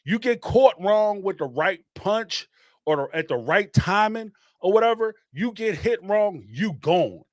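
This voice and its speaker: Brief: middle-aged male host, high-pitched, dry close mic, emphatic slangy commentary. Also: measured pace, dry recording. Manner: animated and emphatic, street slang, repeats phrases for emphasis. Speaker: host of a live call-in show. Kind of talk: casual spoken commentary.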